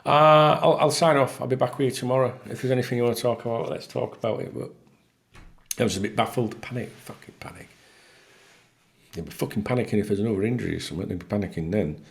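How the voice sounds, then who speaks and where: A man with a medium-pitched, gravelly voice talks fast in a casual solo piece to camera. A football fan vlogger, he's blunt, exasperated and swears freely.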